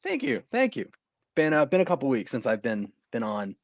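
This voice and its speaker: A man, the show's producer, joining the chat in a relaxed, hesitant way. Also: mid-range voice, moderate pace, vocal fry, no room sound, highs cut off. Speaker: show producer. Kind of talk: casual chat.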